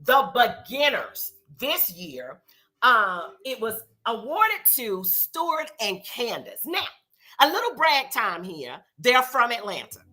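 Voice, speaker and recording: Middle-aged woman host, chatty and sassy, very animated intonation. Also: on the high side, slow pace. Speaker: show host. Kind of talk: casual live recap show.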